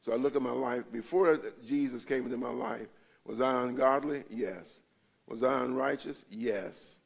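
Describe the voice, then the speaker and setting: A man's voice: mid-range voice, normal speed, creaky, husky. A male pastor teaching a Bible study in a church, talking in a conversational way and often checking in with his listeners.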